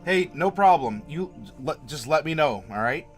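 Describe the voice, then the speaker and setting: A man's voice: a little high, expressive, moderate pace, faint music behind. Chatty man hosting a livestream. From Florida. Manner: chatty, laughs often, rambling asides. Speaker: livestream host. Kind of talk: casual livestream chat reading viewer comments.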